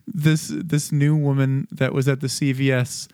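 Smooth-voiced easygoing man chatting. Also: mid-range voice, level tone, slow, a little mellow, no echo, clean studio sound. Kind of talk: casual chat.

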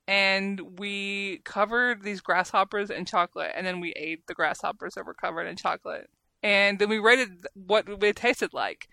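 A woman's voice: mid-range voice, pushed and bright, dry recording. A woman with a Southern US accent, co-hosting a casual podcast chat, chatty and self-deprecating. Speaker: podcast co-host.

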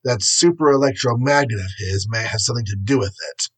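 Man doing an armored superhero, terse, commanding, clipped orders, husky, storybook reading. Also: medium pitch, a little fast, close to an everyday voice, low-quality recording. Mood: grim.

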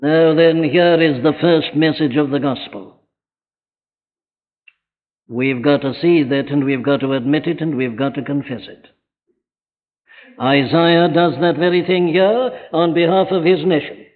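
An impassioned man preaches a sermon, driving his point home with one rhetorical question after another. His voice sits fairly high and carries through a chapel with a long, ringing reverb. The old archive recording is thin and narrow, almost like a phone line. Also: steady tone, a little slow, long pauses.

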